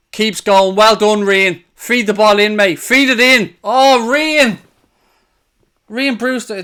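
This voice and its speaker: Excitable man hosting a football watchalong. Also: high voice, smooth. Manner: excitable, shouting and swearing at goals. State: out of breath. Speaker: watchalong host. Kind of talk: live football watchalong commentary.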